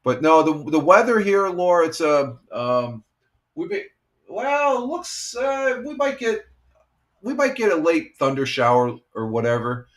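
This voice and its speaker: A man's voice: on the high side, big pitch swings, a little slow, a bit bright. A man in his sixties, a retired firefighter, hosting a casual morning live stream and chatting with viewers in a rambling, easygoing way with many fillers. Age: 60s.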